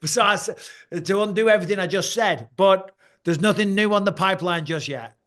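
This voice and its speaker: A man, a guest on an interview show, telling stories in a lively way and laughing often. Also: sits high, brisk. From Britain. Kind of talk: casual interview chat.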